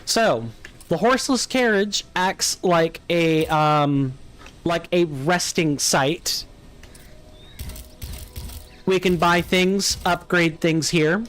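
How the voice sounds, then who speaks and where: A man's voice: on the high side, slow pace, long pauses, a bit bright. Chatty General American man streaming a game. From United States. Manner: chatty, musing, answers chat aloud. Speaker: let's play streamer. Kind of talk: casual live gameplay chat.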